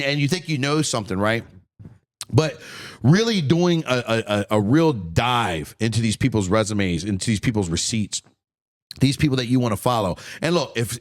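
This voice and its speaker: Brief: forties man, podcast host, heated profane rant, mid-pitched voice. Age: 40s. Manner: profane, blunt, heated, repeats words when worked up.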